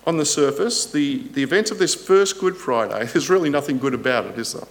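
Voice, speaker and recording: A man preaching a sermon in an earnest, deliberate way, rising loud on quoted scripture and dropping soft at the ends of phrases, with rhetorical questions. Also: mid-range voice, lively intonation.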